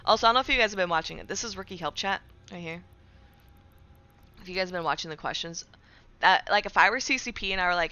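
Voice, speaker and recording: Chatty bright-voiced woman streamer. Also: lowish voice, quick pace, long pauses. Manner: chatty, fillers like "right?", sarcastic asides. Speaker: streamer reading chat. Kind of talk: casual live-stream chat.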